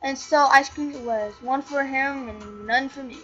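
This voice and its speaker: A woman's voice: sits high, moderate pace, fairly bright tone, highs cut off, soft background music. A woman reading a story game aloud as narrator, chatty and often tripping over words and correcting herself. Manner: chatty, stumbles and self-corrects while reading. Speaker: channel host reading a game. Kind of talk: reading a visual novel aloud.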